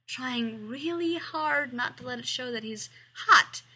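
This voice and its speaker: A woman reading fan fiction aloud, expressive and sometimes dropping to a whisper. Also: high voice, measured pace, slightly rough, rough recording. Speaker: fiction reader.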